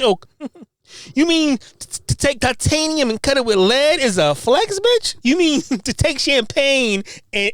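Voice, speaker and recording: Woman host, high and very animated, mocking and profane, stammers when heated; dry, close recording. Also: no echo. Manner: profane, mocking, fires rhetorical questions; stammers repeated words when worked up. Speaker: podcast host. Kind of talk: heated podcast rant.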